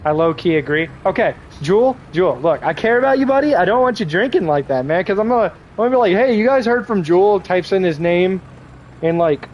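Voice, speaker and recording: Higher-voiced man streaming games casually. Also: expressive, fairly quick, highs cut off, a little hiss or hum. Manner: rambling, joking, talks to chat while playing. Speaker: gaming livestreamer. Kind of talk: casual live gameplay chat.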